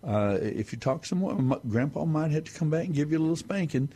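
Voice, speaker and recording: A man's voice: on the high side, animated, fast talker, warm tone, pitched above the performer's own voice. A man voicing a grandfather firmly telling a child to go to sleep. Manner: firm, scolding, slightly raised. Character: firm patient grandfather putting child to bed.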